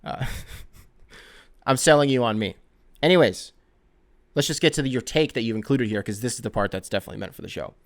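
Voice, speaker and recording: Rambling, excitable sports podcast host man. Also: mid-range voice, fairly quick, pauses often. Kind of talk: casual sports talk.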